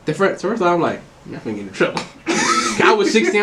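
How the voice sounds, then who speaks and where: A man telling stories in casual podcast chat, animated, who keeps saying "listen" to take the floor. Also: fairly high pitch, fast, background noise.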